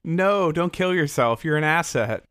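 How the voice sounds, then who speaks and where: A woman with a very deep, slow, lively voice who tosses dry one-liners into a casual podcast chat. The voice swings up and down a lot, and it sounds close and dry with no room echo. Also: clean tone. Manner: dry, wisecracking interjections. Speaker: podcast co-host.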